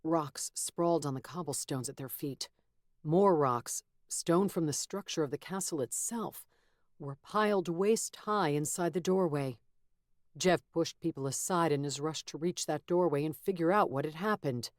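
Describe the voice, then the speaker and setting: Low-voiced woman narrating an audiobook. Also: no room sound, clean studio sound. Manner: measured, steady storytelling. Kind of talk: scripted narration.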